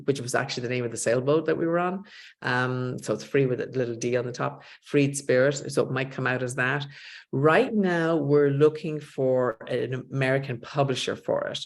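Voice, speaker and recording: A middle-aged woman, an author talking as a guest in a casual interview and telling stories, quoting other people's lines as she goes. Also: a bass voice. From Ireland. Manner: animated storyteller, quotes others in dialogue.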